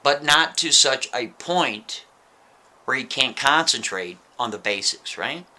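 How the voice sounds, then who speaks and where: A man's voice: medium pitch, expressive, slow pace, bright, forceful tone. A man telling a story in a casual, chatty way, often checking in with the listener with "right?" asides.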